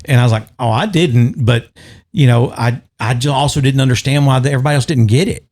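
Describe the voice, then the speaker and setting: A man's voice: medium pitch, fast talker, a little mellow. A man co-hosting a podcast, telling long rambling stories in casual chat and chuckling often. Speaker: podcast co-host.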